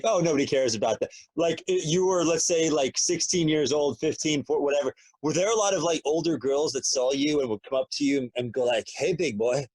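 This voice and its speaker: A man's voice: on the high side, no room sound, poor audio. A man hosting a podcast, asking a long, rambling, hesitant question in casual chat. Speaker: podcast host.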